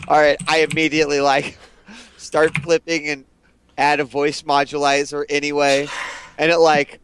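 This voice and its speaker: A man playing a tabletop role-playing game, chatting quickly and jokingly. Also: fairly high pitch, completely flat delivery, noisy background. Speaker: player. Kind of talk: casual tabletop game chat.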